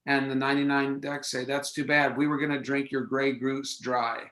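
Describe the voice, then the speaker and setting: A man improv performer telling quick bar jokes, dropping low and deadpan for the punchlines. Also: roomy sound, poor audio.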